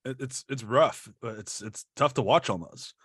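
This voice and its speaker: A man's voice: medium pitch, normal speed, fairly bright tone, husky, no room sound. A male podcast co-host speaks bluntly, tripping into repeated restarts as he makes his point. The sound is dry and close, with no room around it. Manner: candid, stammering restarts, blunt asides. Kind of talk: casual film discussion.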